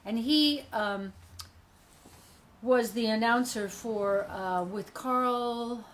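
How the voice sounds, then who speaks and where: A woman's voice: on the high side, extremely slow, a bit bright, slight background noise. A woman hosting a casual live video chat, chatty and teasing, often laughing as she talks. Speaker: host.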